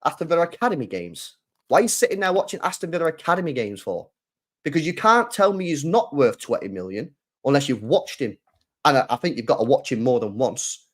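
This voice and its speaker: A man's voice: fairly high pitch, sing-song, fairly quick. A man hosting a football channel, delivering a heated, sweary solo rant full of rhetorical questions.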